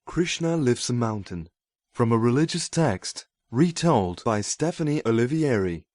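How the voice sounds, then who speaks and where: A man reading a children's story aloud in a clear, even-toned way. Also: medium pitch, measured pace, dry recording, studio quality. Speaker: narrator. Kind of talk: storybook read-aloud narration.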